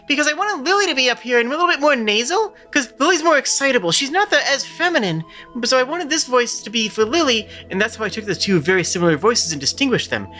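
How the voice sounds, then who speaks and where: A man voicing an excitable teenage girl with a high, nasal voice in a game dub. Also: fast talker, hardly any pauses, soft background music, full character voice.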